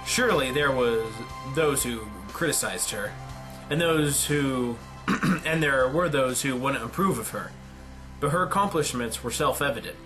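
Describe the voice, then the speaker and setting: A man reading a visual novel aloud dramatically, with deadpan joking asides. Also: mid-range voice, a little slow, music in the background. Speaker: let's player.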